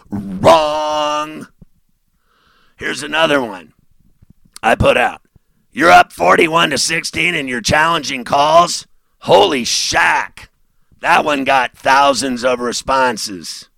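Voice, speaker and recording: A male sports radio host delivering a sarcastic monologue, mocking and laughing, dropping low and then bursting out loud. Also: creaky, dry recording.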